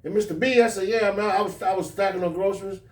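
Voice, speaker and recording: Animated man telling stories in a roomy echo. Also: fast talker, distant mic. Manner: animated storyteller, jumps high to act out quoted voices. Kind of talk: casual storytelling chat. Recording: roomy echo, speaking from off the mic.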